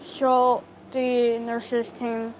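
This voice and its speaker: A woman with a high voice tells a story to live viewers into her phone, taking her time. She talks in a halting way, full of fillers and restarts. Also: completely flat delivery, a little hiss or hum, low-quality recording. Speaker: livestream storyteller.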